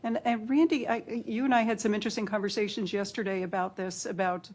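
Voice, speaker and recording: A woman's voice: mid-range voice, steady tone, quick pace, a little mellow. A woman moderating a panel discussion, speaking hesitantly with frequent fillers.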